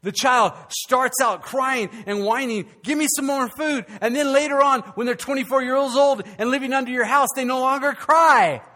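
An older man preaching a sermon as pastor, swinging from loud, animated outbursts to hushed, quiet passages. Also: very high-pitched, normal speed, hardly any pauses.

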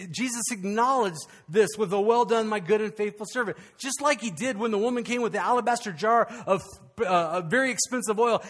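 A male pastor, preaching a conversational, animated sermon with frequent restarts. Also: very high voice.

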